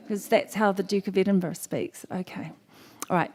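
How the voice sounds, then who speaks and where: A New Zealand woman poet telling a story and performing a poem at a festival stage, playful and animated, acting out the dialogue. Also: mid-range voice, a little fast, hardly any pauses. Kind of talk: live storytelling and poetry performance. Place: festival stage before an audience.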